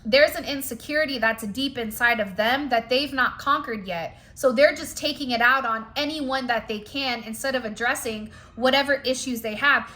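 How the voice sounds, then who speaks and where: A woman with a high, bright voice gives a spiritual reading straight to her viewers. She is chatty and emphatic and uses plenty of casual fillers. The tone is conversational and encouraging throughout. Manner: chatty, emphatic, addresses viewers directly with "like" and "you know". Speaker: spiritual card reader. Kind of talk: direct-to-camera spiritual reading.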